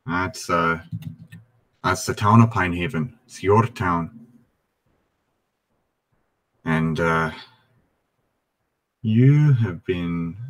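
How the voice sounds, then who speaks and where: Un uomo che fa Galder, un nano schietto e solenne. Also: male voice, low-pitched. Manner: deliberate, formal speeches. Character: gruff male dwarf adventurer, earnest and blunt.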